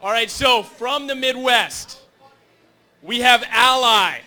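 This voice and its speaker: A man emceeing a gaming tournament, teasing the crowd and shouting to get them cheering. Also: very high-pitched, slow. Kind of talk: joking crowd introduction. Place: large indoor tournament venue.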